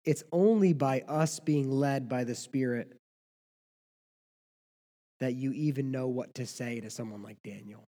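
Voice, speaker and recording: A man from the United States preaching a sermon as pastor, swinging from loud emphatic lines to hushed ones. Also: medium pitch, a little slow, long pauses. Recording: long hall reverb.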